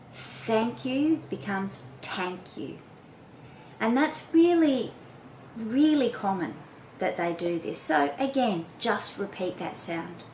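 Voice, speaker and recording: A woman patiently explaining children's speech sounds to parents, sounding out each sound slowly and clearly. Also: medium pitch, roomy sound, a little hiss or hum, poor audio. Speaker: literacy educator. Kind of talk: instructional talk to parents.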